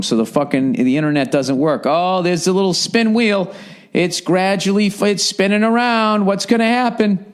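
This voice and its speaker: Boston guy ranting on his podcast, swearing a lot, middle-aged, loud gripes then mumbling. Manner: profane, ranting, swings between loud gripes and low mutters. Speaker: podcast host. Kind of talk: casual comedic podcast rant.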